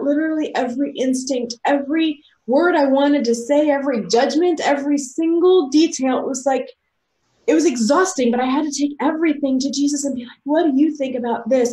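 An American woman with young children, giving an earnest, emotional faith testimony that moves between soft reflection and excited outbursts. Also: high-pitched, roomy sound. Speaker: author and speaker.

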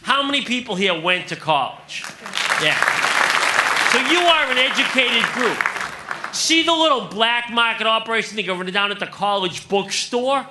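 A man's voice: sits high, lively intonation, normal speed, very noisy. A man in his thirties doing a stand-up comedy set on a club stage, delivering punchy jokes and calling the crowd "folks.".

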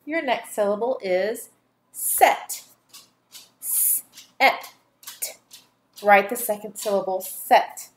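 A woman teaching phonics on video, stretching out each syllable for young learners. She speaks at a slow, patient pace with a medium pitch. Her delivery is deliberate and instructional. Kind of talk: phonics dictation lesson.

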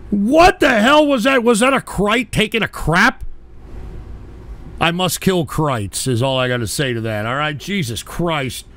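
A male host of a crude call-in comedy show, ranting in a loud, profane, exasperated way. His voice sits high and swings widely in pitch. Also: animated, measured pace.

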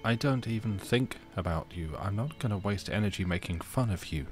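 A man streaming a story game, casual and jokey, with a lowish voice. He stumbles into restarts when excited. Faint music plays behind him. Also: a little fast. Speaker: streamer playing a visual novel. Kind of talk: casual chat.

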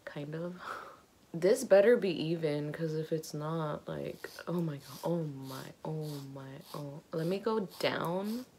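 A young woman with a deep, warm voice vlogs from her bedroom at home, speaking slowly. She chats casually but nervously, giggling between gasping exclamations.

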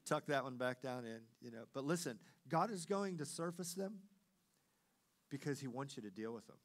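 A middle-aged man, a pastor, preaching a sermon with animated storytelling that swings between loud and hushed delivery. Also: mid-range voice, normal speed.

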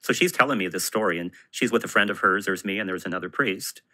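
A man who is a Catholic priest, telling a story in a measured way during a podcast interview. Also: fairly low pitch, bright, forceful tone, rough recording. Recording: played from a podcast clip.

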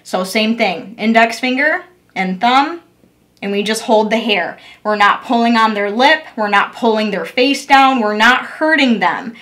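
A woman's voice: fairly high pitch, measured pace, a bit bright. A young woman, a dog groomer, giving a patient step-by-step demo on handling a puppy. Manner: patient, repetitive coaching tone. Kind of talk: instructional demo.

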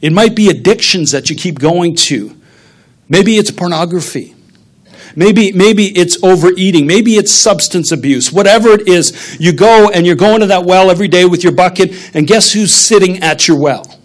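A man's voice: high voice, moderate pace. A middle-aged man, a pastor, preaching a sermon in a conversational, humorous storytelling manner.

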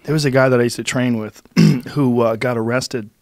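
A man hosting a podcast, chatting in a relaxed, conversational way and asking quick questions. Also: medium pitch, no echo. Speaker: podcast host. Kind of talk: casual conversation.

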